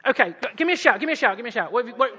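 A man's voice: extremely high pitch, sing-song, very fast, sharp tone, breathy edge, big-room sound. A man from East Anglia with an English accent, preaching a sermon with audience interaction, jovial and self-mocking. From East Anglia, England.

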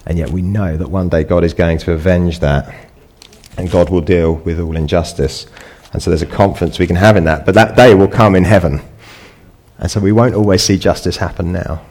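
A man's voice: deep voice, fairly even intonation, a little fast, darkish tone. A middle-aged man preaching a sermon in a conversational way, building to emphatic peaks. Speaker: pastor.

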